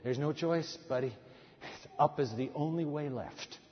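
A man's voice: fairly high pitch, measured pace. Dynamic preacher man in a reverberant hall. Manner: dynamic preaching, swinging from loud to hushed. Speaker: pastor. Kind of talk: sermon. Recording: dull sound in a hall with long reverb.

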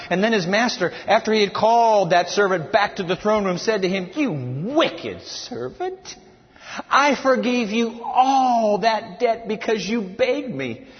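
A man preaching a sermon from scripture, emphatic and animated, telling his listeners to write things down. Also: sits high. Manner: animated and emphatic, tells listeners to take notes. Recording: reverberant hall, dull lo-fi sound.

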